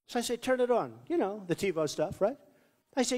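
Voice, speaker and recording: At a podium in a large venue, a political candidate speaks at normal speed in a very high-pitched, animated voice. The rally speech rambles, boasts and repeats, and the hall's long reverb trails every line.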